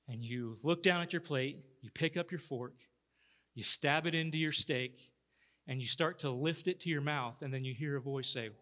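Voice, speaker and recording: A man's voice: fairly high pitch, bright, forceful tone. A male pastor preaching, telling a story in a conversational way with many restarts. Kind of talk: sermon.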